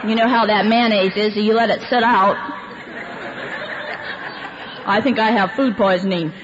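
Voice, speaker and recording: A woman's voice: mid-range voice, fairly even intonation, brisk, a crowd in the background. Woman giving a candid, laugh-filled recovery share in a roomy hall, muffled recording with faint background hiss. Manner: candid storyteller, laughs through the telling. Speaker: speaker sharing a recovery story. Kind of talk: personal testimony to a recovery meeting. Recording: echoey hall, dull lo-fi sound, faint background noise.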